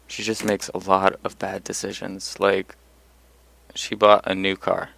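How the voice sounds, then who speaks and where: A man's voice: low voice, monotone, a little slow, creaky, fairly bright tone. A young man telling personal stories in a casual monologue, blunt and profane, getting worked up as he goes. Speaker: vlogger.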